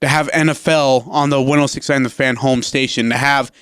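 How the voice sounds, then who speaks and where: A man's voice: medium pitch, fairly even intonation, fairly quick, fairly bright tone, clean tone, no echo, studio quality. A man co-hosting a sports radio show, talking casually with emphatic, opinionated energy.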